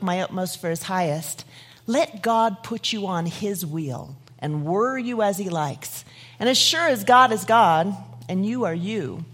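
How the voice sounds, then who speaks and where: Expressive, breathy woman giving a devotional. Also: medium pitch. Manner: expressive, dramatic, drops to whispers. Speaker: devotional speaker. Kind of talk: devotional message and poem recital.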